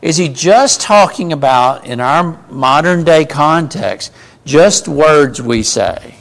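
A man with a slightly high, gravelly, rough voice guides a small Bible class. He keeps things relaxed and conversational, frequently breaking off to ask the group questions.

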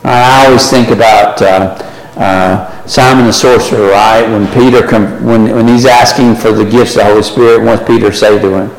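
A man's voice: fairly low pitch, fairly even intonation, moderate pace. A man teaching a Bible study lesson, conversational and questioning, often checking in with the class. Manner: conversational, asks the class questions, frequent "right?". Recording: echoey hall from far off.

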